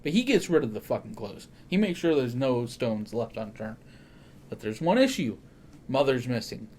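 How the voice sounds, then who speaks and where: Excitable, swearing podcast host, man. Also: mid-range voice, normal speed, slight background noise. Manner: excitable, swears freely, corrects himself often. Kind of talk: casual podcast chat.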